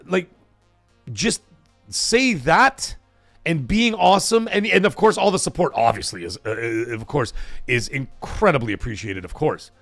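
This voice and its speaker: A middle-aged man hosting a gaming live stream, talking casually in a profane, animated rant. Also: on the high side, measured pace, dry recording, faint music behind. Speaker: gaming channel host.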